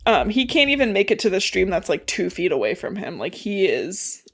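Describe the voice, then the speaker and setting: A woman's voice: mid-range voice, big pitch swings, fairly quick, slightly rough. A woman podcast co-host casually retelling a novel's plot, swearing and laughing as she acts out the characters' lines. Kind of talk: casual recap chat.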